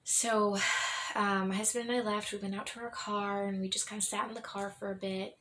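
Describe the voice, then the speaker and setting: A young adult woman telling her own story in a candid, rambling way, often restarting her sentences and laughing softly. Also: mid-range voice, little pitch movement, a little fast, a little hiss or hum.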